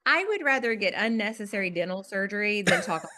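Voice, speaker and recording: A woman with a Southern US accent, a guest author telling a personal story in an animated, self-deprecating way in a podcast interview. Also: mid-range voice, fairly quick.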